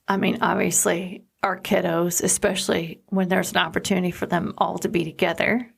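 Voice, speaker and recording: A woman's voice: fairly low pitch, level tone, brisk, gravelly, husky. A woman co-hosting a podcast, speaking in an earnest, reflective way and often searching for her words. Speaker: podcast co-host. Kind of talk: casual chat.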